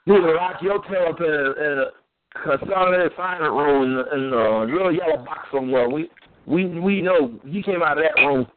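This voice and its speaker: A man's voice: fairly high pitch, fairly quick, a little hiss or hum. A man bantering and teasing in a casual interview, joking about himself. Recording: tinny phone line.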